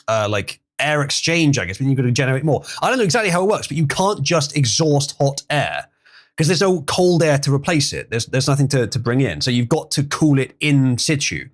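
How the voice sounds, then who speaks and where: A man hosting a livestream, chatting casually, reading chat messages and laughing often. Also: a little high. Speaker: livestream host.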